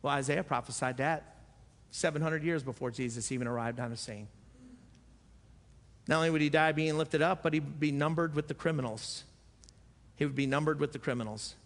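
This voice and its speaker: A man's voice: on the high side, a little fast, pauses often. A man preaching a sermon as pastor, earnest and repeating phrases for emphasis. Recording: echoey church hall.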